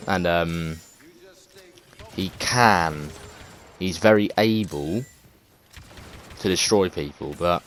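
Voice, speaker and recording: English guy, very low voice, loose and unscripted game commentary, swears and hesitates a lot. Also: takes it slowly, pauses often, slight background noise. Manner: rambling, hesitant, lots of fillers and swearing. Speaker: gaming video creator. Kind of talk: casual gameplay commentary.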